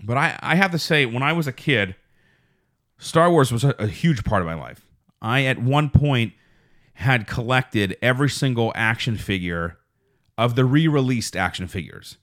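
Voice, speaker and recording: A man hosting a podcast in casual chat, rambling with many restarts and fillers, putting on a deep radio-style voice. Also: lively intonation, moderate pace, a bit bright. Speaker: podcast host. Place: small home studio.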